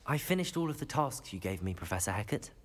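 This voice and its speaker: A polite young student wizard. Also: male voice, fairly low pitch, big pitch swings, quick pace. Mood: earnest. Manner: polite, earnest. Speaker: student hero of a game.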